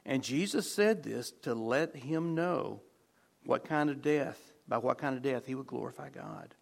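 A man with a gravelly, creaky voice delivers a conversational sermon at a middle pitch. He restarts phrases often and sinks into hushed low tones to stress key words. He sounds like a pastor talking straight to his congregation. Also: measured pace.

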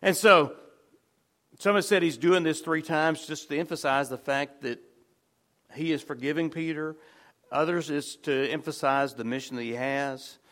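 A man preaching a sermon in a conversational way, restarting phrases often and dropping to soft, low tones on key words. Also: fairly even intonation, normal speed. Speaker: pastor.

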